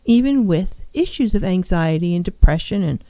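A woman's voice: lowish voice, expressive, normal speed, dark tone, dry recording. A middle-aged woman, a licensed counselor hosting a show, giving earnest advice and acting out clients' voices. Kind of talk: talk show monologue.

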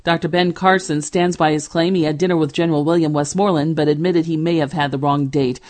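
A woman reads a radio news bulletin in a crisp, measured delivery. Her voice sits low for a woman and stays steady from story to story. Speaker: news anchor.

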